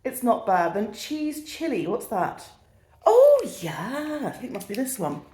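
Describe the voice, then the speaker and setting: A woman's voice: medium pitch, very animated, moderate pace, darkish tone, reverberant. A woman in her thirties with a British accent, chatting casually through a shopping haul in a self-mocking, easily sidetracked way. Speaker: vlogger.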